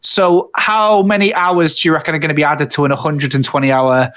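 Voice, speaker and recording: A man's voice: a little high, fairly even intonation, brisk, fairly bright tone. A man co-hosting a game podcast from home over the internet, chatting casually with many restarts and some swearing. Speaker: podcast co-host. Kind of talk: casual chat.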